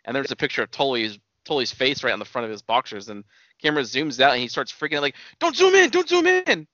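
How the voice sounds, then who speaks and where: Quick talking guy on a podcast, bright tone, laid-back and sweary. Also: mid-range voice, dry recording. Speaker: podcast co-host. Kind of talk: casual wrestling chat. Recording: dull, lo-fi dry sound.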